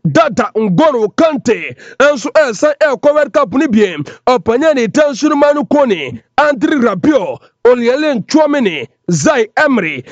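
A man's voice: very high voice, no room sound, highs cut off. A man presenting radio sports news, rattling off lists of player names.

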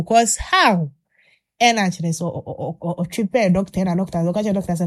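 A woman host telling a long story in casual chat, animated, with many fillers and restarts. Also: on the low side, a little fast.

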